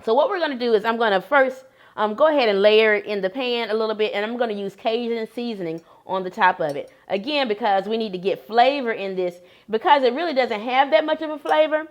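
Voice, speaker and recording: A woman's voice: on the high side, brisk, highs cut off. Woman explaining a vegetarian recipe. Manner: explanatory, steady and practical. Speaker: cooking demonstrator. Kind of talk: cooking demonstration.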